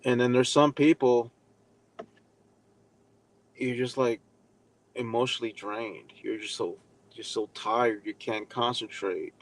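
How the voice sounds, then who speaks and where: A man's voice: medium pitch, steady tone, slow, long pauses. A man giving a casual live lesson, rambling with many fillers and speaking bluntly, with some profanity. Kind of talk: casual live-stream talk.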